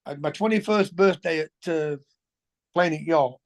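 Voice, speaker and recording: A man, a former footballer telling colloquial, animated anecdotes as an interview guest. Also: on the high side, moderate pace. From England. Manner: animated, colloquial, swears, restarts sentences. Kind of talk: anecdotal storytelling.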